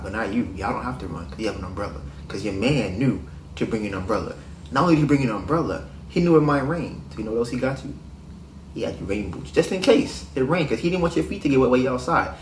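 A man delivers a casual, preachy monologue of dating advice, full of slang and sometimes sinking to a low murmur. His voice sits at an ordinary pitch for a man. The room adds a noticeable echo. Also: a little hiss or hum. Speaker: podcast host. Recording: roomy echo.

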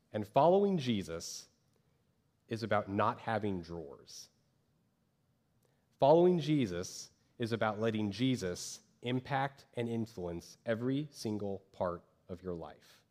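Man, pastor, sermon, conversational, voices quoted people, church stage. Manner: conversational, acts out quoted voices with lively pitch jumps.

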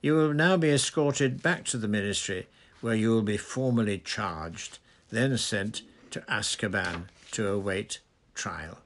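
A man voicing a pompous, blustering male minister who is excitable and triumphant. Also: on the low side, a little slow. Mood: gleeful.

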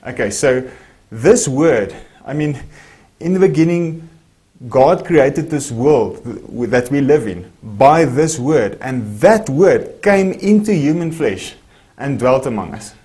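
A man's voice: medium pitch, animated, unhurried, warm tone. A man preaching a broadcast sermon. He reads scripture aloud at length, explains each verse and keeps checking in with listeners.

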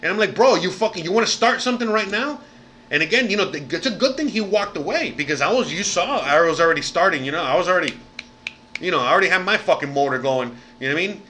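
A man's voice: fairly high pitch, animated, quick pace, bright, forceful tone, slight background noise. An American man vlogging to camera in a casual rant, profane and rambling, with lots of "you know what I mean". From United States. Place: living abroad in Mexico.

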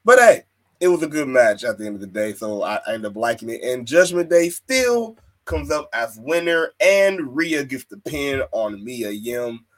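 A man's voice: medium pitch, animated, moderate pace, few pauses. A man hosting a casual wrestling podcast, swearing, laughing and mimicking wrestlers' voices. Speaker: podcast host.

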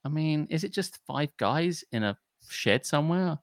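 A man's voice: on the high side, expressive, moderate pace, dry recording, clean studio sound. A man co-hosting a podcast, ranting and swearing in casual chat. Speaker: podcast co-host.

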